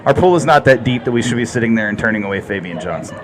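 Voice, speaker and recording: A man's voice: medium pitch, expressive, racing. A man co-hosting a casual sports chat, blunt and sarcastic. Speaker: podcast co-host.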